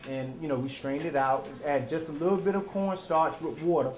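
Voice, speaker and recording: A man's voice: on the high side, brisk, darkish tone, roomy sound. A man teaching a live cooking demonstration in a chatty, folksy way, often checking in with his audience. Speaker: culinary teacher.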